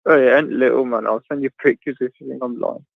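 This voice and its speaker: A man's voice: mid-range voice, fairly even intonation, quick pace, creaky, no room sound. A man chatting casually on a livestream, joking crudely, laughing often and stumbling over fillers. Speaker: guest on a livestream chat. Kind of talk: casual banter. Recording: tinny phone-like video call audio, dry.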